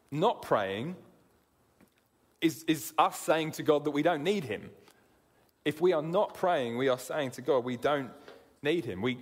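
A man preaching a sermon in an earnest way, often repeating words as he begins a sentence. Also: mid-range voice. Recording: long hall reverb.

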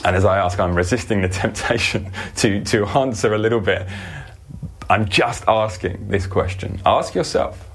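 A male preacher giving a sermon in an earnest manner, slowing down to stress scripture. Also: fairly low pitch, breathy edge.

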